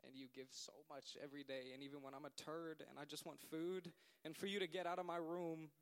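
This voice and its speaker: A man's voice: on the high side, level tone, a little fast, smooth. A man in his late teens giving a heartfelt thank-you speech to a gathering, earnest and rambling and laughing at himself.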